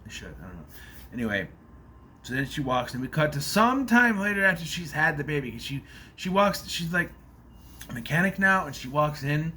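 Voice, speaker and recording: Lively, bright-voiced man recapping a movie. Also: a little high, normal speed, slight background noise. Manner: rambling, loose, swears freely. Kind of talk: casual spoken movie recap.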